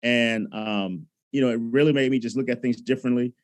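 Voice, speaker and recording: Animated man telling a story. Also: medium pitch, a little fast. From Alabama, USA. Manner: animated storyteller, acts out his own past thoughts. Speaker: choral conductor and educator. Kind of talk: conversational storytelling.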